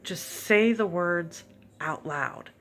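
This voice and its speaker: A woman's voice: fairly low pitch, takes it slowly, fairly bright tone. A woman vlogger giving an earnest, emphatic motivational monologue to encourage her viewers.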